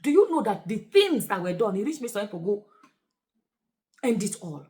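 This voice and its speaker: A Nigerian woman talking in a casual vlog. She is animated, laughs often and slips into Pidgin phrases. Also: mid-range voice, normal speed. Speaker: vlogger and shortlet host.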